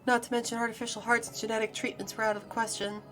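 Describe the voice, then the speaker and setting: A weary, guarded bartender from a visual novel game, read aloud by a woman streamer. She speaks low and subdued, with heavy sighs, in a slightly high voice. Faint music plays behind her. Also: level tone, racing, fairly bright tone, close to an everyday voice. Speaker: VTuber streamer.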